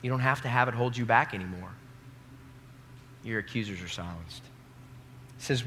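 Young male preacher, bright and forceful, emphatic sermon delivery with crowd call-and-response, long hall reverb. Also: mid-range voice, animated, moderate pace, pauses often. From American Midwest. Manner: emphatic, rising to loud peaks, calls the audience to repeat lines. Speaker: pastor. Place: large hall before a live congregation.

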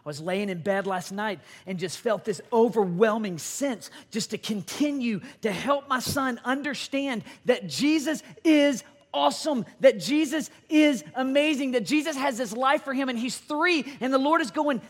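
A man, preaching a sermon with emphatic, animated delivery and acted-out quotes. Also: very high-pitched, moderate pace, hardly any pauses. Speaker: pastor.

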